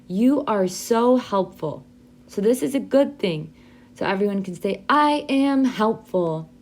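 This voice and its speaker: A young adult woman teaching an English vocabulary lesson to learners, modeling phrases slowly and clearly for them to repeat. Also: a little high, a little mellow.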